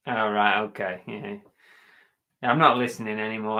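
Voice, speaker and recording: A man's voice: fairly low pitch, normal speed, gravelly, bright, forceful tone. A man with a London accent, hosting a casual live-stream chat about reselling, joking and teasing as he talks. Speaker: reseller vlog host.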